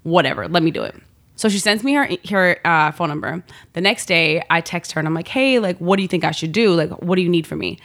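A woman with a slightly low voice tells a story in a loose, slangy way. She bounces between voices as she quotes people and laughs often. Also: quick pace, a bit bright. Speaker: guest, model. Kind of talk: casual storytelling chat.

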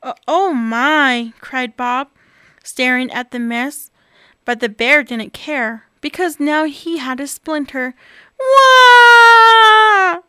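High, bright woman reading a storybook aloud. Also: slow, clear, resonant tone, dry recording, studio quality. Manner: expressive, animated reading. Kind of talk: reading a picture book aloud.

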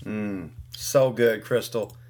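Talk show host teaching slow and steady, mid pitch voice, lots of mm-hmms. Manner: slow, measured teaching with frequent affirming murmurs.

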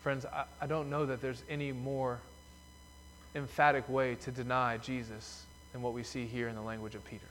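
A man's voice: medium pitch, little pitch movement, moderate pace, fairly bright tone, slight background noise. A man preaching a sermon as pastor in a church sanctuary, telling the story emphatically. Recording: long reverb of a church hall.

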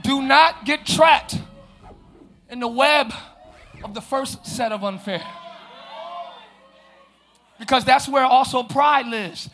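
Male pastor, high and piercing, fiery live sermon with shouted call-outs. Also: takes it slowly, pauses often, faint music behind, a faint crowd. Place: church sanctuary.

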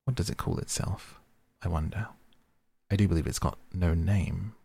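Guy reading as a chatty puzzled little girl, thinking out loud, still low and gravelly underneath. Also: normal speed, full character voice. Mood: musing. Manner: rambling, musing aloud to herself. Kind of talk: storybook character reading.

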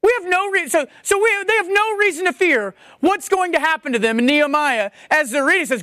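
Lively, high-pitched woman preaching a sermon. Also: no room sound, clean studio sound. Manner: animated, conversational preaching with quick asides.

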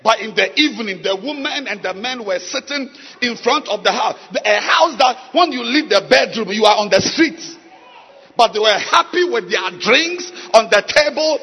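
A man preaching a sermon, with long pauses and sudden shouts. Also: extremely high pitch, lively intonation, breathy edge. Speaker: pastor. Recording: dull sound with long hall reverb.

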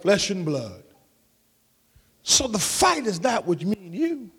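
High-voiced preaching pastor in a hall. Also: male voice, huge pitch swings, slow pace, slightly rough. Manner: call-and-response preaching, shouting and half-singing. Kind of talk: sermon. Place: church sanctuary.

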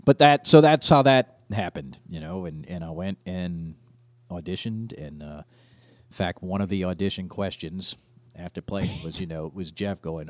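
A man chatting as a podcast guest, telling animated stories and acting out the dialogue. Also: sits low, unhurried, no echo. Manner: animated storyteller who acts out dialogue. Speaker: podcast guest, tribute band singer. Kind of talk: casual chat.

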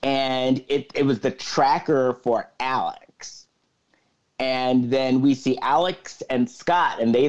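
A man's voice: medium pitch, highs cut off. Man animatedly retelling a movie plot. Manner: animated retelling with acted-out quotes. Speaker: podcast co-host. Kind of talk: casual chat recapping a movie.

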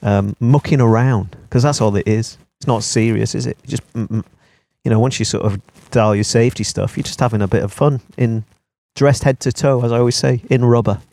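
A man's voice: medium pitch, steady tone, a little fast, vocal fry, warm tone, dry recording. Rambling male podcast co-host. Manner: rambling, thinks aloud in loose trailing sentences. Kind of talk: casual podcast banter.

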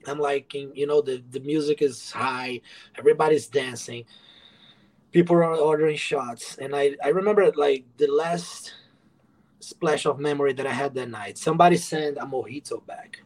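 A man's voice: fairly high pitch, normal speed, darkish tone, rough recording. A man who moved to the USA, telling his story as a podcast guest, frank and profane and acting out past dialogue. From moved to the USA from abroad. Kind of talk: candid interview storytelling.

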